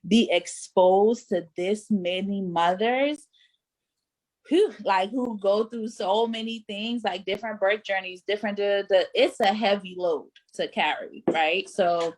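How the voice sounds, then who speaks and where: A woman's voice: mid-range voice, measured pace, a little mellow. A young adult woman hosting a casual panel discussion, talking emphatically with many fillers. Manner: emphatic, conversational, lots of fillers. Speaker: panelist and host.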